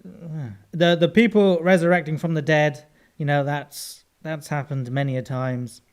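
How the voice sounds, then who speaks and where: A man co-hosting a casual comedy podcast, rambling and hesitant as he overthinks his guesses out loud. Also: a little high, fairly even intonation, moderate pace, smooth. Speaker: podcast co-host, guessing player. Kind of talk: casual banter.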